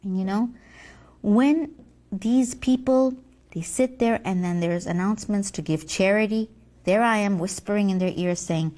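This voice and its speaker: A woman's voice: medium pitch, normal speed, warm tone, voice pushed down, close to an everyday voice. A woman playing a boastful, scheming devil boss in a comedy sketch, gloating and scornful, with theatrical whispers.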